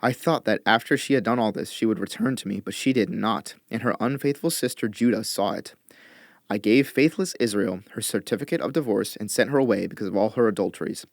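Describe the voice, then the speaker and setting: A man reading scripture aloud in a measured, expressive way, lifting his voice for quoted lines. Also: fairly low pitch, vocal fry, no room sound, studio quality. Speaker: Bible reader.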